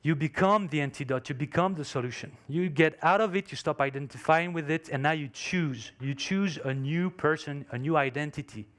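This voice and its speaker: This fairly high, slightly bright male voice moves fairly quickly with few pauses. English isn't his first language, and his phrasing shows it as he tells a story in an emphatic motivational conference talk.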